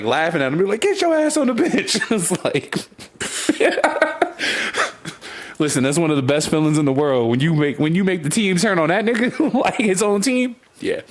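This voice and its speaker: In a relaxed podcast conversation, this young male co-host tells stories, laughs a lot, and doesn't hold back on swearing. His voice runs a little high.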